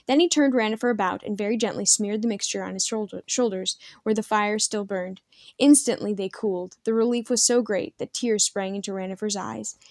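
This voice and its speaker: A woman narrating a novel aloud in an even, measured storytelling manner. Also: mid-range voice, dry recording.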